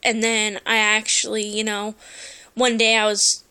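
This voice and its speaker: A woman's voice: mid-range voice, monotone, a little slow, sharp tone, clear, resonant tone. A woman telling a personal story into her phone, earnest and emotional, hesitating with many fillers. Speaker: vlogger.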